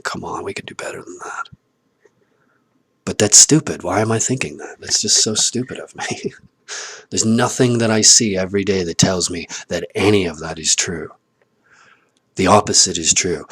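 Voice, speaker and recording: Low husky man ranting to camera. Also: no room sound. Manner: swearing, laughing, swinging between loud and muttered. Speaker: vlogger. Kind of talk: rambling personal monologue.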